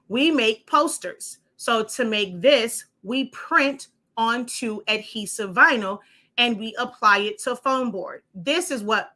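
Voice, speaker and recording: A woman's voice: mid-range voice, sharp tone. A woman giving a casual show-and-tell craft tutorial, chatty and rambling with many fillers and asides. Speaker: crafting instructor.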